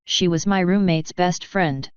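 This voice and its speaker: Brief: woman voicing a cold, cutting unicorn mare for a storybook, low-pitched, crisp and dry. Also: measured pace, dry recording, dull audio, lightly acted. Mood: furious. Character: furious proud adult unicorn mare, icy sister.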